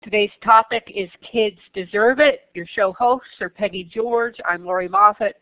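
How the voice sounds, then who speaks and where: Woman host opening a webinar, reads names briskly, kinda dull lo-fi sound. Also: medium pitch, dry recording. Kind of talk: scripted show opening. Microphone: online webinar call audio. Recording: dull lo-fi webinar audio, dry.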